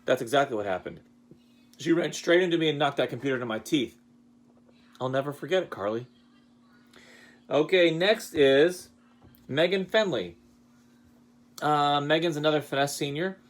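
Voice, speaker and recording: A man, a high school choir director, giving a casual award speech and telling animated stories about his students with lively jumps in his voice. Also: moderate pace, pauses often. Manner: chatty, animated storytelling with lively pitch jumps.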